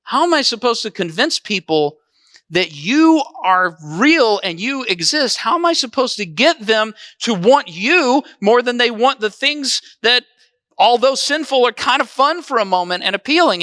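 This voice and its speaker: A man's voice: extremely high pitch, big pitch swings, a little slow, pushed and bright, no echo, clean studio sound. A man preaching a conversational sermon as pastor, often asking the congregation questions.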